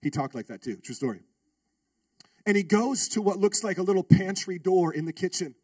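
High-voiced, animated pastor telling a story. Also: male voice, moderate pace, breathy edge, no room sound, far from the mic. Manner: animated, humorous, calls out to the congregation. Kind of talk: storytelling sermon.

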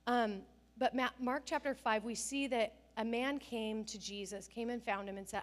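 A middle-aged woman pastor preaches from the pulpit in a fairly high voice. She tells stories with animation, acting out the people she quotes and jumping up in pitch for emphasis. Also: normal speed. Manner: animated storytelling, acts out family scenes and quotes with bursts of laughter. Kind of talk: sermon.

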